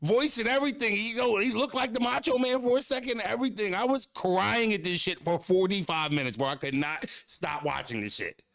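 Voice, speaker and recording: A man's voice: high-pitched, a little fast, gravelly, hardly any pauses, a bit bright, dry recording, studio quality. A man, chatting casually as a streamer reacting to clips, laid-back and freely swearing.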